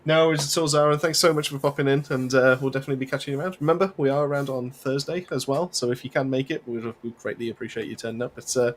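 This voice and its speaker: A man's voice: medium pitch, fairly even intonation, rapid-fire, few pauses. A young man co-hosting a game stream, joking casually and laughing often. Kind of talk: casual gameplay chat.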